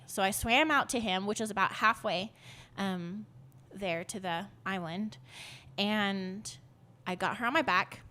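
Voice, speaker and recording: A woman's voice: mid-range voice, measured pace, bright, forceful tone. Chatty woman telling a story. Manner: rambling, filler-heavy, laughs often. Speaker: podcast guest. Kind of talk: casual storytelling.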